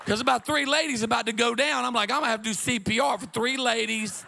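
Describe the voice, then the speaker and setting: Man, middle-aged, pastor, revival preaching, high voice, gravelly fry, animated storytelling. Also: fast talker, few pauses, a little hiss or hum. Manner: animated, shouting and laughing through stories.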